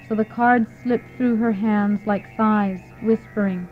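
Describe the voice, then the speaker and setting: A woman reading a scripted story slowly and deliberately. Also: medium pitch, fairly even intonation. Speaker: narrator. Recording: muffled lo-fi with faint music.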